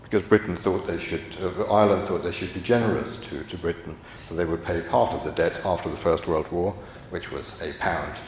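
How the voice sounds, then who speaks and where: A man's voice: deep voice, brisk, darkish tone, a little hiss or hum. A middle-aged man giving a rambling conference lecture, full of restarts and fillers. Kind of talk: conference talk. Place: conference hall. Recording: echoey hall from afar.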